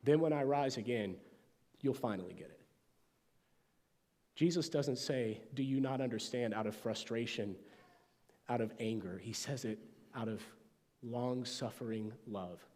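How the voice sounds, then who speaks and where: A man preaching a sermon as pastor, with emphatic phrasing that sometimes drops to a soft, hushed tone. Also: mid-range voice. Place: church sanctuary. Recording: long church reverb.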